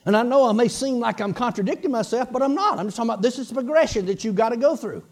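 A man's voice: very high voice, darkish tone. A man preaching a sermon, emphatic and repeating his points, breaking into bursts of laughter.

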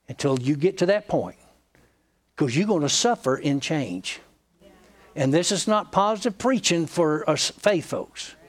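A man preaching a sermon, his voice sitting a touch higher than most men's. He tells a story in the pulpit, retelling a friend's words, breaking off and restarting mid-phrase as he goes.

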